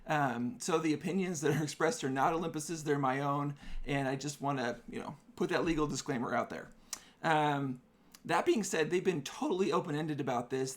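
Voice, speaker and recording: A man's voice: fairly high pitch, a bit bright. A man hosting a live-stream photography tutorial, chatty, explaining camera settings step by step.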